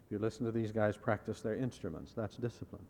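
A man preaching a sermon in a measured way, repeating key phrases and putting rhetorical questions to his listeners. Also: fairly low pitch, darkish tone, big-room sound, slight background noise. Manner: asks the audience rhetorical questions.

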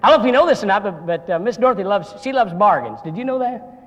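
High-voiced folksy preacher in a reverberant chapel. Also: male voice, big pitch swings, fast. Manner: folksy, joking storyteller. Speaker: guest preacher. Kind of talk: sermon. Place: seminary chapel. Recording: long hall reverb.

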